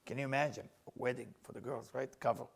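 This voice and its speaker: A middle-aged man teaching, retelling a story in an animated, emphatic way with non-native grammar. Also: medium pitch, quick pace, gravelly, breathy edge. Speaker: Kabbalah teacher. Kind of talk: storytelling lesson.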